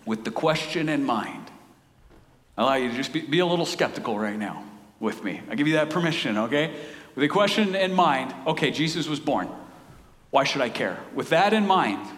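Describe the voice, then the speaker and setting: Earnest preacher man in an echoey hall. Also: fairly high pitch. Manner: earnest, animated, repeats words when building a point. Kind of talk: sermon.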